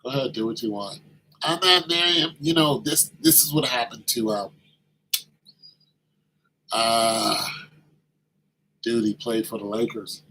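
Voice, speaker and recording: A man telling a story in a casual monologue, animated and slangy, acting out the quoted voices. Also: on the low side, measured pace, pauses often, slight background noise, rough recording.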